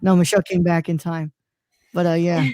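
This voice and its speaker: A man's voice: a little high, level tone, brisk, warm tone, no echo. A man hosting a live online show, rambling and stalling with lots of restarts, on a close microphone. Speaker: host. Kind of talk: casual live-stream chat.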